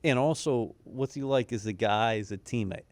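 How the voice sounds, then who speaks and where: A man interviews a player, setting up each long question in a conversational way. His pitch is ordinary middle. The recording is dry and close, with no room sound. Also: moderate pace, no room sound. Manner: conversational, long framing questions, brief laughs. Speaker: team interviewer.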